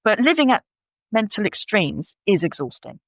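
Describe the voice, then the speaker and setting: A woman's voice: medium pitch, sing-song, normal speed, vocal fry, no echo. A woman co-hosting a podcast in casual chat, acting out her inner voice in little quoted scenes. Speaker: podcast co-host.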